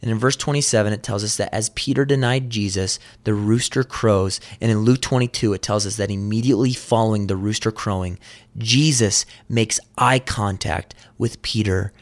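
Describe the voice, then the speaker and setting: A man preaching a sermon, retelling a scripture passage vividly and earnestly. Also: lowish voice. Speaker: pastor.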